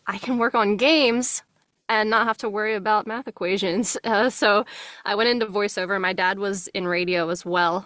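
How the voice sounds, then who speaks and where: A young voice actress with a faint New Jersey accent, talking in a relaxed, friendly way as an interview guest and laughing easily. She records in a small closet studio at home on a good microphone, and the sound is very dry and close. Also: on the low side, no room sound. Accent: subtle New Jersey. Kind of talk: casual interview chat.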